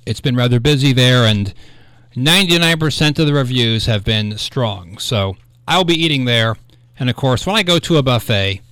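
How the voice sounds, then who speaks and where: In a small radio studio, a man hosts a local show, chatting and rambling through a casual monologue. His medium-pitched voice has a fairly bright tone and is captured on a studio microphone with no echo.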